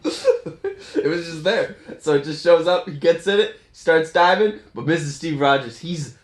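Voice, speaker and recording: A man's voice: a little high, sing-song, measured pace, reverberant. A man giving a casual, laughing recap of a movie's plot, slipping into goofy voices for the characters.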